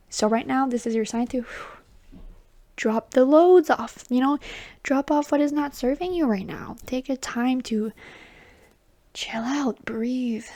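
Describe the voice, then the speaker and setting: A woman giving a tarot reading, talking softly and reassuringly, often dropping into a whisper and calling the listener baby or honey. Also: on the high side. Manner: chatty and affectionate, calls the listener baby and honey. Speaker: tarot reader. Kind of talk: intuitive tarot reading to viewers.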